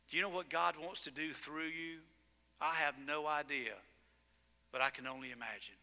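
A male pastor preaching a sermon in a church, telling stories in an animated way and hitting words with sudden loud emphasis. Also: a little high, unhurried. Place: church sanctuary. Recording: long reverb in a church sanctuary.

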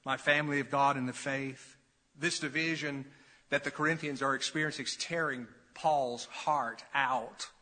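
A man's voice: mid-range voice, fairly even intonation, moderate pace, sharp tone. A middle-aged male pastor preaching an expository sermon, emphatic, building in intensity and putting questions to his congregation. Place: church sanctuary. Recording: long reverb of a church hall.

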